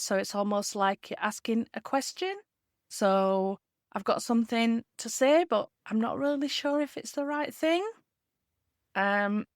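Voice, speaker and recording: A woman talks straight to listeners in a solo podcast, coaching them earnestly and leaning on key words. Her voice sits at a middle pitch. The sound is dry and close, with no room around it. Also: no echo. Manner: earnest, coaching tone with measured emphasis. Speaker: podcast host and leadership communication coach.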